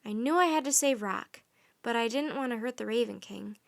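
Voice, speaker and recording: A woman's voice: on the high side, brisk, vocal fry. A woman voicing a brave young boy in a storybook reading, firm and earnest.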